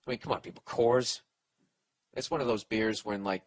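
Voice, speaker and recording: A man's voice: fairly low pitch, steady tone, brisk, low-quality recording. A man hosting a podcast, giving blunt, profane advice in a sarcastic rant.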